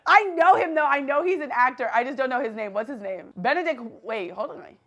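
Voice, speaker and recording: A high-voiced woman hosts her own show, her pitch swinging wide as she talks. Her manner is casual, slangy and full of exclamations. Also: lively intonation, fairly quick. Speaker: show host. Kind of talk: casual chat guessing celebrities.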